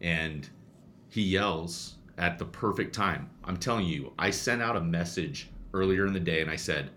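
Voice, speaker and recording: A man's voice: deep voice, normal speed, a little hiss or hum. A man who coaches youth baseball, chatting casually and telling stories with lots of restarts and repeated words. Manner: animated storyteller, many restarts and repeats. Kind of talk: casual chat.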